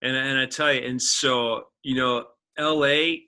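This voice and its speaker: Earnest, very bright-voiced man in his forties. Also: mid-range voice, a little slow, poor audio. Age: 40s. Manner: earnest and animated, with frequent laughs and restarts. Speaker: guest actor. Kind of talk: casual interview storytelling.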